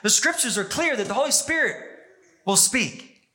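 A man preaching a sermon as pastor, emphatic, pushing his pitch and pace up and down for emphasis. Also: expressive, normal speed, sharp tone.

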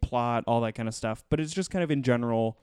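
A man's voice: medium pitch, fast, a little mellow, clear, resonant tone, no echo, clean studio sound. A man hosting a podcast, chatting casually and rambling with many fillers as he reviews a TV show. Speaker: podcast host.

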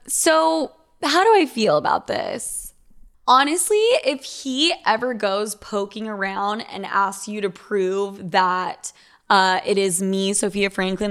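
A woman's voice: mid-range voice, a bit bright, clean tone. A young woman who hosts an advice podcast, talking casually in a blunt, profane Valley girl way as she reads listener letters and answers them.

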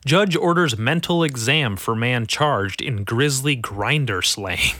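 A man who is sick, reading news headlines aloud in a casual, foul-mouthed way, swinging from mumbling to shouting. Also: mid-range voice, slow pace, hardly any pauses, no room sound, studio quality. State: sick, voice going rough. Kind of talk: casual profane commentary.

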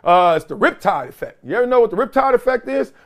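A middle-aged man hosting a sports talk show, giving casual, animated commentary and acting out other voices in quoted bits. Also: high-pitched, quick pace. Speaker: show host.

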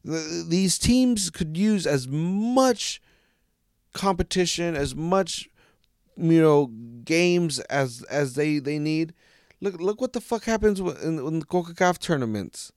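A man's voice: fairly high pitch, expressive, slow pace, a little mellow, clear, resonant tone, dry recording, clean studio sound. A man ranting casually and profanely as a soccer fan, rambling with many restarts. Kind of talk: casual solo rant.

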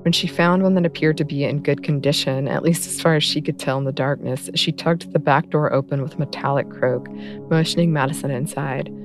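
A woman reading a story aloud in a soft, measured narration. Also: low-pitched, steady tone. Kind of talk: scripted audiobook narration. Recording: narration over clear music bed.

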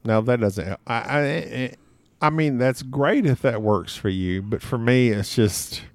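Podcast guest, male, animated storyteller, frequent laughs, self-deprecating, dry close sound. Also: medium pitch, measured pace, no echo. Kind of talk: casual conversational storytelling.

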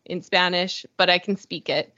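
A woman hosting a podcast in relaxed conversation, chatty, with many fillers and frequent laughs. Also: lowish voice, moderate pace, no room sound. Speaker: podcast host. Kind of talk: casual conversation. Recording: dull dry lo-fi sound.

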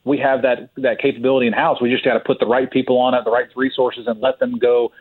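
A man's voice: medium pitch, little pitch movement, quick pace, breathy edge. A man on a podcast as a guest from a truck maker, telling stories in a drawling, hearty way. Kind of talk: casual podcast chat. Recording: tinny phone line.

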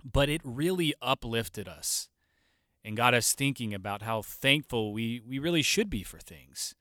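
A man hosting a podcast, telling a story in a loose, animated way and now and then acting out the people in it. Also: medium pitch, a little slow, dry recording, studio quality. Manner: warm, animated, loose and profane, mimics voices in anecdotes. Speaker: podcast host. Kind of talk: casual storytelling monologue.

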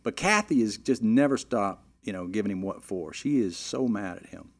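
A middle-aged man telling a long, animated anecdote in a casual way, with frequent "you know" fillers and restarts. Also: on the low side, normal speed. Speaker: storyteller.

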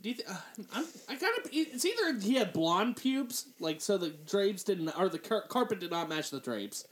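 A woman's voice: mid-range voice, sing-song, moderate pace. Profane laughing woman podcast host. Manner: laughs often, blunt and profane. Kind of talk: crude comedic banter.

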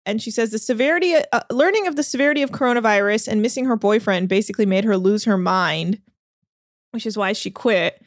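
A woman's voice: mid-range voice, fairly quick, no echo, clean studio sound. A woman hosting a podcast, chatting casually and animatedly, swearing and quoting people in voices. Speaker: podcast host. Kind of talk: casual chat recap.

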